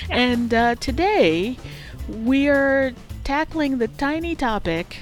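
A woman's voice: high-pitched, animated, slow, soft background music. A woman co-hosting a casual tech podcast, playful and laughing often as she explains. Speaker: podcast co-host.

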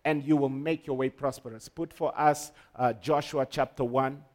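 A man's voice: mid-range voice, steady tone, normal speed. A man preaching a sermon, emphatic, with call-and-response to the congregation. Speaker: pastor.

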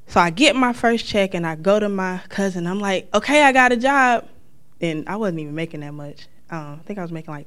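A woman from North Carolina, sharing a personal testimony as a lively storyteller who acts out the lines of the people in her story. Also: sits low, clear, resonant tone.

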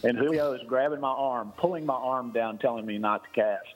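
A man's voice: medium pitch, fairly even intonation, brisk, muffled recording, soft background music. A man casually telling a long fishing anecdote on a podcast, laughing as he rambles. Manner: rambling, laughing storyteller with restarts. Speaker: guest storyteller.

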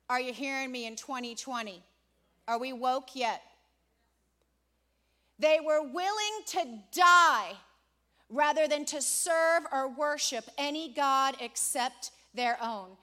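A woman's voice: high-pitched, bright, forceful tone. A woman preaching a sermon to a congregation, stretching out key words for dramatic emphasis and quizzing her listeners on the next word. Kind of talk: sermon with call-and-response questions. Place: church before a congregation.

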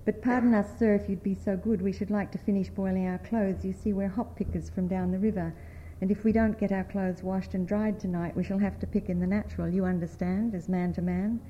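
A woman reading aloud, voicing a sly young hop picker who makes mock-polite, fast-talking excuses. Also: mid-range voice, fairly even intonation, highs cut off, slight background noise, lightly acted.

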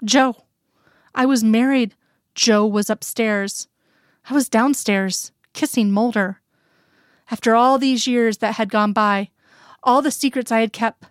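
A woman's voice: a little high, steady tone, unhurried, pauses often, clear, resonant tone, no room sound, clean studio sound. Woman reading fiction, intimate and earnest. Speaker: reader. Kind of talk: first-person fiction reading.

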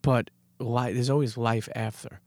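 A man's voice: mid-range voice, fairly even intonation, measured pace, darkish tone, dry recording. Casual host man with dry close sound. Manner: loose, swearing, repeats himself. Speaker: podcast host. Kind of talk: casual interview chat.

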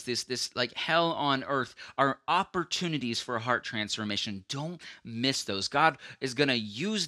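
A man delivers an earnest, conversational sermon, stumbling into restarts as he reaches for his point. His voice is strikingly bright and edged, and the recording is dry and close with no room sound. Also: medium pitch, no room sound. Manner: earnest, acts out quoted voices, frequent restarts. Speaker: preacher.

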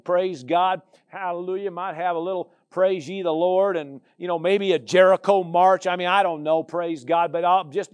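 A man preaching a sermon as a pastor, with a conversational style full of "you know" and "amen". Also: high voice.

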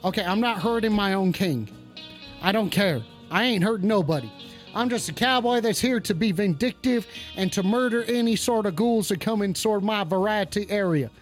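A man's voice: high voice, fairly bright tone. A man playing a stoned, blustering cowboy host of a comedic call-in radio show, with a drawling, swaggering, profane way of rambling.

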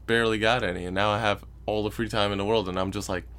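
A man's voice: fairly low pitch, steady tone, quick pace, fairly bright tone, clean tone. A young man hosting a solo podcast, telling a story in an exasperated, profane way and mocking the people he quotes. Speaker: podcast host. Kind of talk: casual solo podcast rant.

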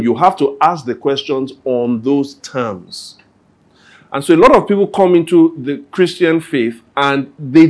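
A man answering questions at a church Q&A, talking conversationally and acting out everyday scenes. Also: on the high side. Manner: conversational, acts out everyday scenes with little quoted voices. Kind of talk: Q&A talk.

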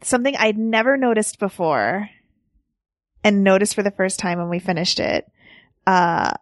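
A young woman co-hosting a casual movie podcast, chatty and quick to laugh, hedging her opinions. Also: mid-range voice, no room sound, clean studio sound. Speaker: podcast co-host.

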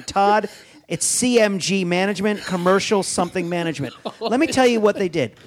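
A man with a slightly high voice tells a long story as a guest on a podcast. He is a comedian and acts out the other people's lines as he goes. He swears freely. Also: fairly quick. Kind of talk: animated storytelling.

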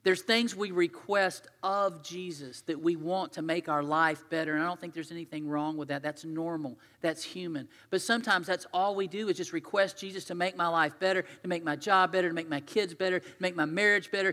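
Male pastor, slightly high and bright, chatty storytelling sermon that swings loud to quiet; long hall echo. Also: fairly even intonation, fairly quick, few pauses.

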